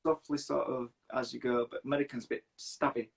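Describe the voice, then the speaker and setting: A man's voice: mid-range voice, level tone, brisk, vocal fry, slightly rough. A man from Leeds with a Yorkshire accent, interviewing in a jokey, enthusiastic casual chat. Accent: Yorkshire English. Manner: jokey, enthusiastic, laughs often.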